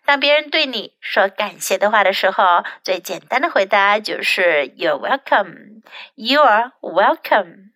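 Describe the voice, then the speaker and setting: A woman whose first language is Chinese, teaching children English in a bilingual lesson. She repeats each English phrase slowly after its translation. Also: medium pitch, expressive, sharp tone, no echo.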